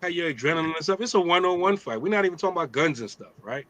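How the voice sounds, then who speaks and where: A middle-aged man leads a casual religious talk in a streetwise, joking way. His voice is bright and forceful, and he keeps checking in with his listeners by asking "right?". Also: fairly high pitch, racing, rough recording. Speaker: host of an Islamic talk show.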